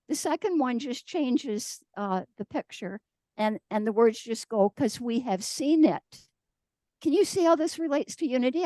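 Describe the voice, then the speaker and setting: Woman speaker, slightly high, mellow voice, dry sound, storytelling sermon. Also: dry recording. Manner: storytelling, acts out quoted voices. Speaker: guest speaker. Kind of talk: conversational sermon.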